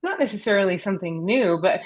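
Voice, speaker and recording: A woman's voice: mid-range voice, very animated, fast talker. A woman joining a video call while walking on a treadmill, out of breath as she gives thanks. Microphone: video call, camera off.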